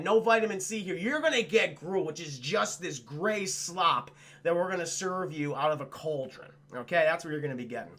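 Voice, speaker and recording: A man's voice: sits high, sharp tone. A man streaming a crude, rambling film recap for his chat, full of swearing and mocking impressions.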